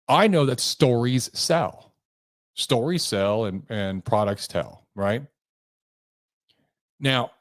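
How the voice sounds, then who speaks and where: Speaking at a medium pitch, a podcast host and sales trainer coaches listeners on selling in an emphatic, motivational solo talk. He shifts pace and tone for effect, recorded in studio quality with no echo.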